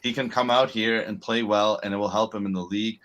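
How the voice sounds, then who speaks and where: A man co-hosting a sports betting podcast, explaining his points and telling stories in a measured, casual way. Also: lowish voice, fairly even intonation, a bit bright. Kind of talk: casual chat.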